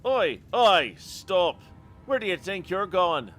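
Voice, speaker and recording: A man's voice: high voice, big pitch swings, slow pace, a bit bright, slight background noise, voice pushed up, heavily acted. A man voicing a suspicious, bullying tavern doorman in a put-on working-class London accent, blunt and menacing.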